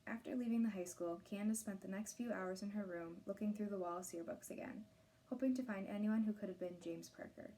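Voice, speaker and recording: A woman reading a novel aloud, narrating in a steady, clear storytelling voice. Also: medium pitch, brisk. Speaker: reader of a novel.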